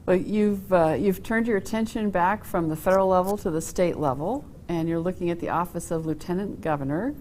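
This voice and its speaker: A woman's voice: lowish voice, brisk, hardly any pauses, a little mellow, slight background noise. A woman hosting a candidate interview who asks plain, direct questions with small restarts. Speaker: interview host.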